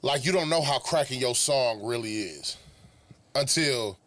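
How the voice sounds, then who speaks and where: A man's voice: mid-range voice, lively intonation, unhurried, a bit bright, no room sound. A man co-hosting a podcast, riffing loosely in casual chat with profane slang. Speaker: podcast co-host.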